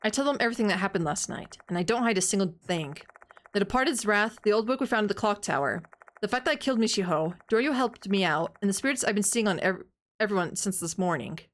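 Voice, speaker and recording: A woman's voice: mid-range voice, expressive, fast, natural voice. A woman voicing a blunt young male delinquent in a put-on Irish or Scottish accent, reading game dialogue aloud. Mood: resolute. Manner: reads lines aloud in a put-on brogue.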